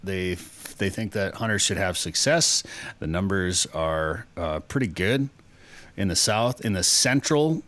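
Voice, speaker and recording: A man's voice: deep voice, unhurried, a bit bright, no room sound. A man co-hosting an outdoors radio show, chatting casually and reading news items with a joking manner.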